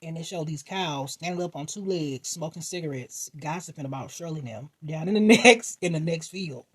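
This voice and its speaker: Husky, animated dream storyteller. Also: medium pitch, normal speed. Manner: animated, acts out voices and reactions, laughs often; slangy, swears freely. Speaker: vlogger.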